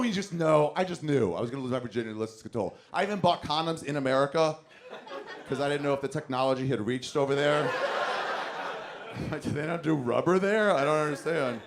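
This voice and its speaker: A man with a gravelly, fry-edged voice that sits a little high for a man tells a rambling stand-up story on stage. He swears freely and acts out the lines of the people in his tale, speaking into a handheld mic. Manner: profane, animated, acts out quotes. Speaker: stand-up comedian.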